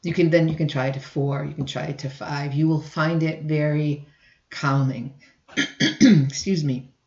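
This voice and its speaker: Throat-clearing woman lecturer, muffled. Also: low-pitched, fairly even intonation, a little slow, warm tone, reverberant. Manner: clears throat often, restarts sentences. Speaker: college instructor. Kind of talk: recorded lecture.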